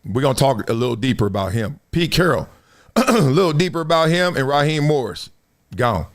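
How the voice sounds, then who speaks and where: A man hosting a sports talk show, telling stories in a casual, slangy monologue that swings between loud bursts and low mutters. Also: animated, fairly quick.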